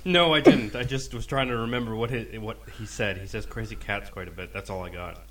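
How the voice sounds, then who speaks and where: A man's voice: on the low side, a little fast, a crowd in the background. A man chatting as a podcast guest, rambling and self-deprecating with plenty of filler words. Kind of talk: casual gaming podcast chat.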